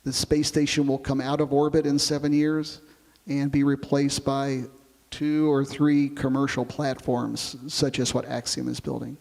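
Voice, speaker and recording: Male astronaut interviewee, gravelly, easy storyteller, reverberant recording. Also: mid-range voice, unhurried. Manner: relaxed storytelling, explains with comparisons. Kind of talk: oral history interview.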